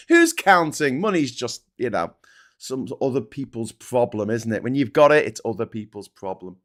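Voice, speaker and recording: A man's voice: medium pitch, very animated, normal speed. A man ranting in political commentary, sardonic and profane.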